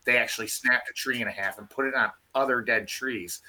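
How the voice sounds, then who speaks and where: A man telling a field story in a casual, animated way, restarting his sentences often. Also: medium pitch, brisk. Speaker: field researcher guest.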